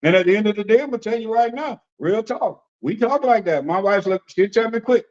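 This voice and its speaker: High-voiced preacher, folksy and animated. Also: male voice, brisk, lo-fi sound. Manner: animated, folksy, repeats phrases, acts out quoted voices. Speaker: apostle and preacher leading a discussion. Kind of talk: conversational preaching.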